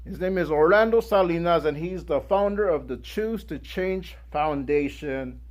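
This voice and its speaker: A young man giving a guest speech, telling a personal story in an animated way and acting out the people in it. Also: a little high, moderate pace. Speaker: guest speaker.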